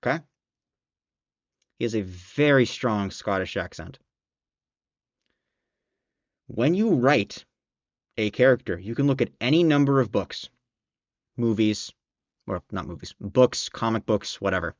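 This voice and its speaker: A man's voice: medium pitch, sing-song, normal speed, no echo, highs cut off. A man giving a casual spoken book review, blunt and exasperated, swearing often and restarting his sentences.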